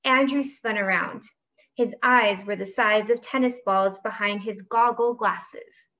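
A woman's voice: medium pitch, fairly even intonation, measured pace, sharp tone. A woman narrating a children's novel aloud for a library book club.

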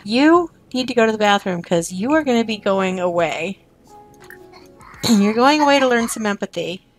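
A woman's voice: medium pitch, animated, normal speed, faint music behind. A woman streamer casually commenting on her gameplay, chatting to her game characters and her viewers.

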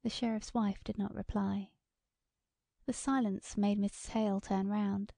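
A woman narrating a short story as an audiobook reader, in a measured, even delivery. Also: mid-range voice, vocal fry, dry recording, studio quality. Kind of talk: scripted narration.

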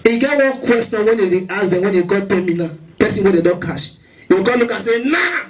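A man doing live stand-up comedy in a Nigerian Pidgin accent, telling stories in an animated way and acting out many quotes. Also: high voice, fast. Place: large live stage venue. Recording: distant, dull stage recording.

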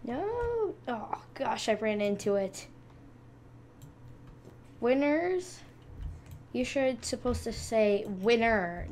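A woman's voice: mid-range voice, a little mellow, slight background noise. A young woman hosting a gaming channel, chatting playfully to viewers as she plays. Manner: chatty, playful, talks to viewers while clicking. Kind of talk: casual gameplay commentary.

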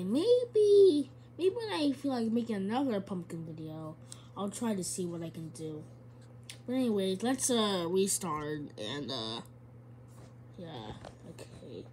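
A woman's voice: mid-range voice, warm tone, a little hiss or hum. Chatty woman doing game commentary. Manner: chatty, giggly, talks back to the game character. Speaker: gamer. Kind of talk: casual let's-play commentary.

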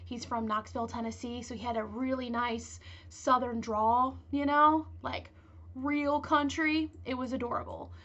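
A woman's voice: fairly high pitch, fairly even intonation, unhurried, a bit bright, dull audio. A woman hosting a casual true-crime podcast, rambling and chatty with lots of filler words. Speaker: podcast host.

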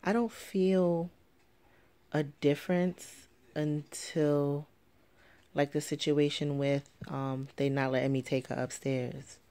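Chatty young woman with gravelly fry. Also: low-pitched, steady tone, slow pace, mellow. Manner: chatty, rambling, many fillers. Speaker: vlogger. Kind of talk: casual vlog talk. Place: home, at night with sleeping baby.

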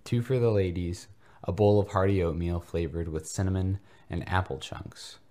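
A kindly, folksy reverend speaks in a deep, unhurried preacher's tone, as a man puts him on. He sounds ponderous and fatherly, in a comedy fanfic reading. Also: steady tone, dark tone, close to an everyday voice. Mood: praying.

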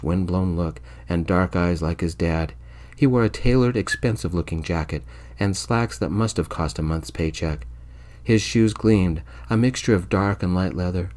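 A man narrating a story in the first person, quietly and evenly, in soft-spoken ASMR storytelling. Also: deep voice.

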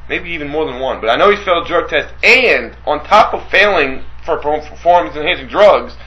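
A man talks sports on a casual radio show, his voice bright and pushing a little high. He is excitable and profane, firing off opinions fast. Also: highs cut off. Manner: profane, excitable, rapid-fire. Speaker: podcast co-host.

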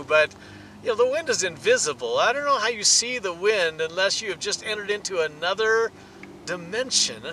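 High-voiced animated preacher man. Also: slight background noise, poor audio. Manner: animated, rises in pitch and volume for emphasis. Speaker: pastor. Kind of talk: sermon teaching.

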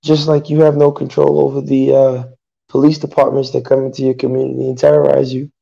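A man speaking as a podcast panelist in a casual discussion, hesitant and halting, often pausing with fillers. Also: mid-range voice, monotone, creaky, dark tone, lo-fi sound.

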